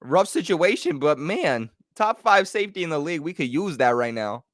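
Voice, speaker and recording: Young male fan host, play-by-play and reactions; bright, dry, excitable. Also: on the high side, normal speed, no echo. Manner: excitable, swings from calm analysis to yelling. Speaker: fan watch-party host.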